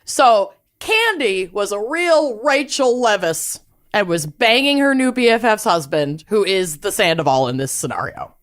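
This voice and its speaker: A woman podcast host telling a case in a lively, laughing storytelling manner. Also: medium pitch, unhurried. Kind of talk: casual chat.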